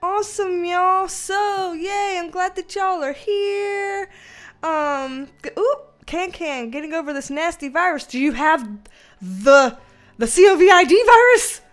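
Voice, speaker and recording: A high-pitched woman chats casually on a livestream. She greets her viewers one by one and laughs easily between remarks. Faint music plays behind her. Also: takes it slowly. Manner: chatty, greets viewers by name, laughs often. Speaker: livestream host and tarot reader.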